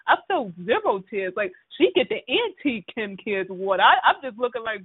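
A woman's voice: a little high, sing-song, brisk, few pauses, husky, dry recording. A woman co-hosting a casual soap opera recap, blunt and sassy in her opinions. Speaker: podcast co-host. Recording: tinny phone-like line, dry.

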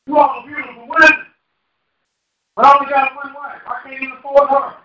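A high-voiced male pastor preaches in a folksy, joking way and keeps quizzing his congregation. His voice is caught from some distance in a roomy hall, and the sound is dull. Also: steady tone, brisk. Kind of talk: preaching a sermon. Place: church hall. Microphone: handheld microphone.

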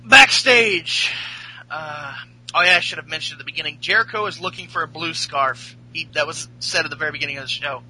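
A man's voice: on the high side, brisk, pushed and bright, a little hiss or hum, low-quality recording. A man hosting a podcast, recapping a show in a rambling, profane, casual way. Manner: rambling, profane, laughing storyteller. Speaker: podcast host.

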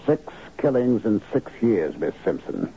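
An actor in a 1970s radio drama playing a curt, shrewd manager who explains a cover-up. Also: male voice, fairly low pitch, sing-song, a little slow. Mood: explaining. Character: shrewd, weary male manager covering up killings. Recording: dull old radio broadcast with faint hiss.

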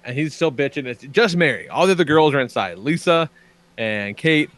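Podcast host, male, excitable and profane raconteur, very dry close mic. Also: on the high side, moderate pace, dry recording. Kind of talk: casual chat.

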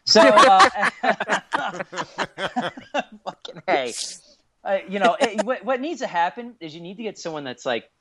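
A man in his thirties, a guest on a casual podcast, telling stories in an excitable way with lots of swearing. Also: sits high, slow. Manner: animated, swears a lot, excitable. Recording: dull lo-fi podcast audio.

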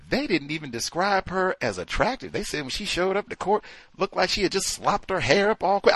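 A man's voice: sits high, a bit bright, no room sound. A man hosting a call-in show, giving emphatic, sarcastic commentary. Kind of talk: talk radio commentary.

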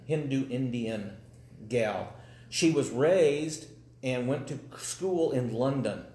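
A man's voice: mid-range voice, a little mellow. Man preaching folksy in an echoey room. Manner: folksy, conversational storytelling with dry humor. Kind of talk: live sermon.

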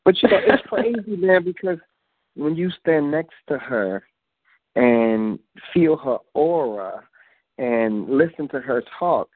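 A man's voice: on the high side, slow pace, dry recording. Chatty man hosting call-in radio. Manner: relaxed, repeats "you know what I'm saying". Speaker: radio show host. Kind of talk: casual chat. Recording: phone line.

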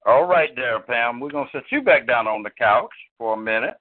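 A man hosting a call-in show in relaxed, slangy casual chat, often repeating his phrases. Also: medium pitch, brisk. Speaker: show host. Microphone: phone. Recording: tinny phone line.

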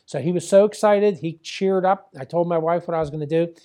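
A man's voice: on the high side, a little fast, warm tone. An older man from the Pittsburgh area, a former wrestling promoter, telling a rambling story full of fillers and acted-out dialogue. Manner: chatty, many fillers, acts out quoted dialogue.

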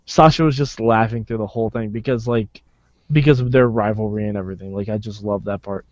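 A man's voice: steady tone, brisk, darkish tone, no echo. Male podcast co-host, eager interrupter, dull lo-fi sound. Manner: eager, cuts in, trails off low. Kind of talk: casual chat. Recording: muffled lo-fi audio.

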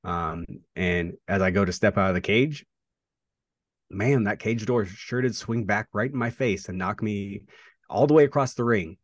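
A man, a pro wrestler, talking through a rivalry in a casual interview, reflective and halting with fillers and restarts. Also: on the low side, dry recording.

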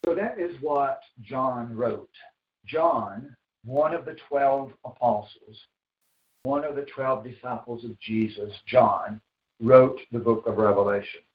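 A man preaching a sermon as pastor, slow and emphatic, repeating phrases for weight. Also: mid-range voice. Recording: echoey, dull sound from far off the mic.

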